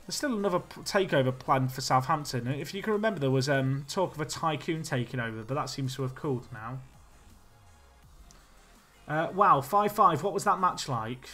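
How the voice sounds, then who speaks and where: A man's voice: medium pitch, expressive, a little fast, a bit bright, faint music behind. A young man chatting animatedly as he streams a football management game and talks to his chat. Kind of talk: casual game commentary.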